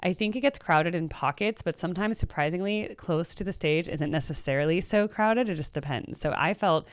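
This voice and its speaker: On her music reaction channel, a young woman chats to camera fairly quickly in a dry recording with clean studio sound. Animated and talkative, she imitates the people she quotes using a higher voice.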